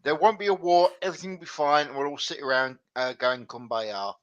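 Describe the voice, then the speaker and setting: A man's voice: on the high side, quick pace, fairly bright tone. A man as co-host making dry, sarcastic remarks in casual political banter. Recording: dull lo-fi sound.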